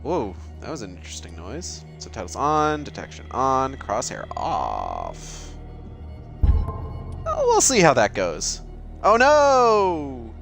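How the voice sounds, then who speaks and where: A man's voice: lowish voice, huge pitch swings, measured pace, vocal fry, hardly any pauses, fairly bright tone, soft background music. A man with a mild Massachusetts accent giving casual, jokey and profane commentary as he plays a video game. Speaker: let's play host.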